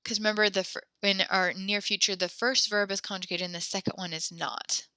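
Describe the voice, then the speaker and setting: A young woman teaching a French class over a video call from home, upbeat and encouraging as she gently corrects her students. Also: medium pitch, steady tone, a little fast, no echo. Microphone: computer mic on a video call.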